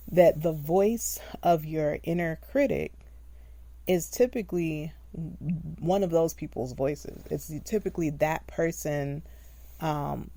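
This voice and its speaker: A woman hosts a solo podcast, talking loosely and laughing at herself along the way. Her voice sits low and mellow. The recording is close and dry, with no room sound. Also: no echo. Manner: chatty and self-deprecating, laughs often. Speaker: podcast host, empowerment specialist. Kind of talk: casual solo podcast talk.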